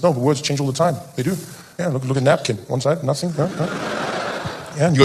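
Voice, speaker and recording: South African male comic, quick and a bit high, rambling, provocative bits. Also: breathy edge. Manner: rambling, self-interrupting, playfully provocative. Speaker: stand-up comedian. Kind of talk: stand-up comedy set. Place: comedy stage before a live audience.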